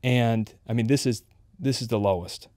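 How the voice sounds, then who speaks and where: A man's voice: medium pitch, normal speed, a little mellow, no room sound, studio quality. A man in his thirties, a podcast guest, telling his personal story in an earnest, confessional way. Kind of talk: candid personal testimony.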